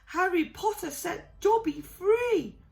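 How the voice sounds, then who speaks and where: A woman reading a storybook aloud, voicing a small, loyal house-elf in a very high, shrill, squeaky voice. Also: animated, takes it slowly, gravelly, full character voice. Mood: earnest. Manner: earnest, emphatic, speaks of himself by name.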